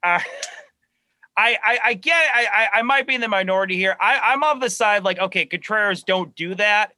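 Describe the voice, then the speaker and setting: Excitable male sports fan. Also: sits high, moderate pace, no echo. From Chicago suburbs. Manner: excitable diehard fan, stammering restarts, laughs. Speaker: guest. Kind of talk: casual sports chat.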